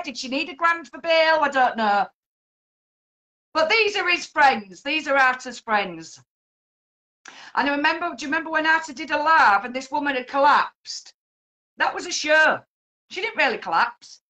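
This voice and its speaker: A woman hosting a live stream, arguing with a guest in a confrontational, sweary way. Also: high-pitched. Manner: confrontational, swearing, shouting insults. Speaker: livestream host. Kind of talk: heated live-stream argument.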